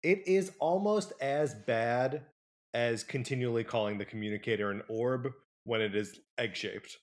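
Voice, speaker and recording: A man's voice: mid-range voice, measured pace. A man co-hosting a casual rewatch podcast, easygoing and a little hesitant, laughing often. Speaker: podcast co-host.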